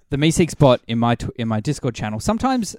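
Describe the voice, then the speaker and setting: A man's voice: medium pitch, huge pitch swings, normal speed, a little mellow, no echo, clean studio sound. Chatty Australian man, laughs a lot. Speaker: podcast co-host and streamer. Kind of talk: casual gaming podcast chat.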